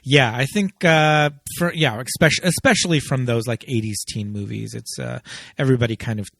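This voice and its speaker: A man's voice: mid-range voice, fairly quick, vocal fry, a bit bright, no room sound, studio quality. A man co-hosting a casual movie podcast, chatty and laughing often. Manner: chatty, acts out quoted lines, laughs often. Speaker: podcast co-host.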